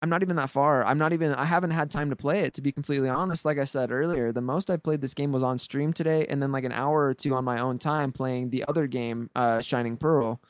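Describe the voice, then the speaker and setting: A man co-hosting a podcast, talking excitedly in casual chat and rambling with many restarts and repeated words. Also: medium pitch, quick pace, few pauses, smooth, dry recording, studio quality. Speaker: podcast co-host.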